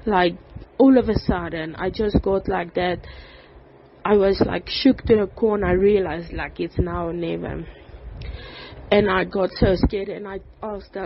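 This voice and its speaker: Halting woman giving testimony. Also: medium pitch, steady tone, a little hiss or hum. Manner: halting, with frequent "like" and "um". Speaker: testimony speaker. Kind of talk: personal faith testimony. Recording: dull lo-fi recording.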